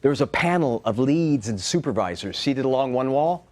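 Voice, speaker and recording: A man performing a wry, animated comic monologue as a solo storyteller. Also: medium pitch, normal speed.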